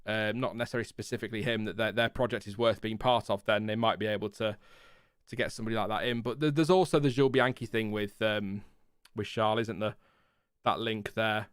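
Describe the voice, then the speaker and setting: A man's voice: lowish voice, steady tone, fairly quick, smooth, no room sound, clean studio sound. A man, hosting a casual live stream about racing and answering viewers with rambling, self-deprecating asides and frequent chuckles. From Lincolnshire, England. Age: 30s. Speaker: F1 channel host.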